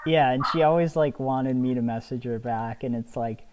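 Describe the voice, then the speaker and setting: A young man, a podcast co-host, chatting casually while gaming, rambling and halting with lots of restarts and fillers, a bit spacey. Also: medium pitch, darkish tone. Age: young adult. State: a little spacey.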